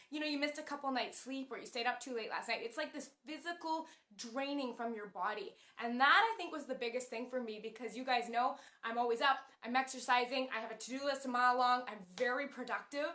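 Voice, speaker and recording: A young woman chatting to camera in a casual vlog, telling stories with animated, emotional energy and acting out quotes. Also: sits high, brisk, echoey room. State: pregnant. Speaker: vlogger.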